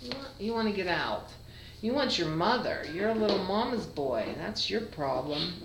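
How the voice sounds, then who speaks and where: A woman's voice: mid-range voice, animated, moderate pace, roomy sound, heavy background noise. A cat breeder chatting fondly to her kittens in a casual home video, with baby talk in between.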